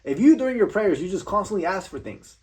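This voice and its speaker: A man's voice: high voice, big pitch swings, quick pace, a little mellow. A young man giving a blunt, profane motivational rant, swearing constantly and tripping over repeated words. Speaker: vlogger.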